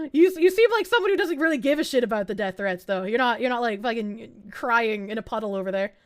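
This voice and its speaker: A woman's voice: a little high, animated, fast talker, few pauses, no room sound, clean studio sound. A young woman streamer with a Southern US accent, chatting casually while reading chat aloud, laughing often and swearing freely. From American South. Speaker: VTuber streamer.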